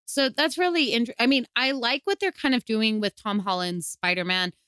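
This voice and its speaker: Bright, enthusiastic woman co-host. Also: on the high side, moderate pace, clear, resonant tone, dry recording. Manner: enthusiastic, opinionated. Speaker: podcast co-host. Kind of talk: casual chat.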